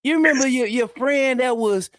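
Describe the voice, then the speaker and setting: A man's voice: extremely high pitch, moderate pace, a bit bright, dry recording, clean studio sound, voice pushed up. A man imitating his middle-aged mother, asking rambling, fussing questions in a raised voice. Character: fussy mother, middle-aged woman, forgetful.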